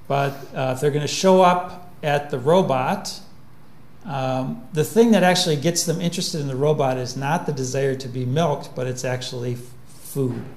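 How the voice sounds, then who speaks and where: A man giving a public lecture in a relaxed, humorous way, with plenty of fillers. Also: a little high. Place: lecture hall. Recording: echoey lecture room.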